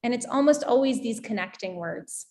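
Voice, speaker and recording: An American woman with a somewhat high voice explains language learning as a guest teacher. She talks in a lively, hands-on way, demonstrating pronunciation with her own examples. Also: moderate pace. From United States. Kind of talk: explanatory conversation.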